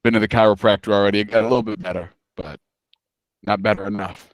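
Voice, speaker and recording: A man's voice: lowish voice, fairly even intonation, fast talker, dry recording. A man co-hosting a podcast, chatting in a wry, laid-back way. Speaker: podcast co-host. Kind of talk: casual chat.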